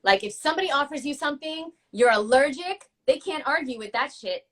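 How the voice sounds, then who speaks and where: A woman's voice: sits high, lively intonation, brisk, fairly bright tone. A woman co-hosting a casual chat show, gushing and playful as she talks. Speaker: co-host.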